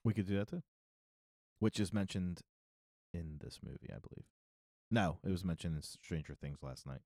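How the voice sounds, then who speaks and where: A man's voice: sits low, expressive, normal speed, a little mellow, dry recording, studio quality. A man with a Philadelphia-area accent, co-hosting a movie podcast in a laid-back, casual way. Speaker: podcast co-host. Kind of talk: casual chat.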